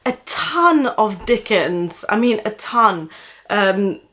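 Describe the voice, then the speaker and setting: A woman with a slight German accent, a book vlogger casually recommending audiobook narrators and pausing often to think. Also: medium pitch, lively intonation, a bit bright. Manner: thoughtful, with frequent "uh" pauses.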